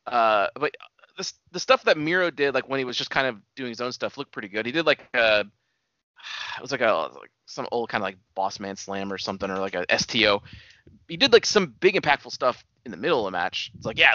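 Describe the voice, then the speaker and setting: A man hosting a casual wrestling chat, rambling in a relaxed way with lots of fillers. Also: medium pitch, fairly quick, no room sound. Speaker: podcast host. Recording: dull lo-fi dry sound.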